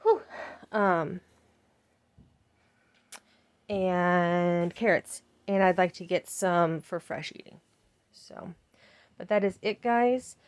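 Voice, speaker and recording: A woman's voice: fairly low pitch, steady tone, slow, clear, resonant tone. Chatty woman vlogging about her seeds. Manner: chatty, rambling, frequent ums. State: out of breath. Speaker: gardening vlogger. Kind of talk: casual home vlog.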